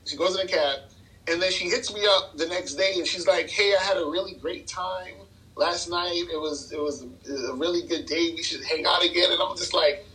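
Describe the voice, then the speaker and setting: A man's voice: high-pitched, steady tone, fairly quick, sharp tone, low-quality recording. A man, telling a dating story in casual chat, loose and rambling, laughing often. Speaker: podcast guest, dating coach.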